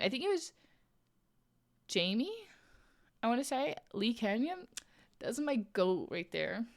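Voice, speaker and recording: A young woman chats on her live stream, her voice sitting a little high. She tells stories in a loose, animated way, full of "like"s and acted-out bits of what people said. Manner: chatty, animated, many "like"s, acts out quoted voices. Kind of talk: casual storytelling chat. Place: home streaming setup, crafting while talking.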